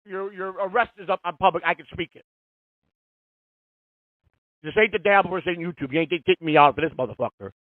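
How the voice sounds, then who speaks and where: A man's voice: sits high, a little fast, pauses often, no room sound. A man in his fifties hosting a live call-in radio show, ranting in a profane, heated, confrontational way. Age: 50s. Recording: tinny phone-like, dry sound.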